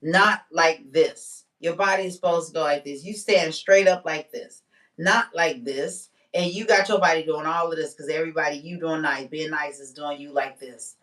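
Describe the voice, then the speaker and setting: A woman vlogging in a casual, candid monologue, emphatic and slangy, slowing down to stress her points. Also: deep voice, steady tone, recorded from a distance.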